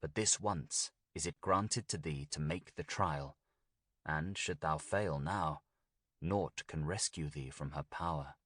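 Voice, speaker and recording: A man voicing a grave, commanding old male sorcerer in a storybook reading, speaking in a solemn, measured way. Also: rumbling low, fairly bright tone, no room sound, clean studio sound, exaggerated voice. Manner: solemn, archaic, measured delivery.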